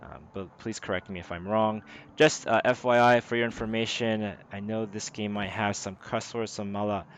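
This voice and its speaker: An American man with a lowish voice talks through a game in casual commentary. He speaks haltingly and keeps correcting himself, with faint hiss behind him. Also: fairly even intonation. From United States. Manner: halting, self-correcting, full of fillers. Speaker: gameplay host translating dialogue.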